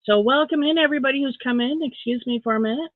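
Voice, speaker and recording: A man's voice: very high-pitched, quick pace, no echo. A man chatting casually on a live stream as he crochets, counting his stitches aloud under his breath and greeting viewers by name. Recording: dry, tinny phone-like sound.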